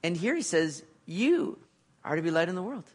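A man preaching a sermon, earnest, building to emphatic peaks and then dropping back low. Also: big pitch swings, moderate pace.

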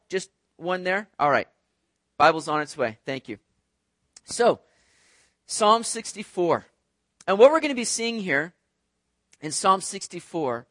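High-voiced conversational male preacher. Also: a bit bright, no echo. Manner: conversational, asks the congregation questions. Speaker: pastor. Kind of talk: sermon. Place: church sanctuary.

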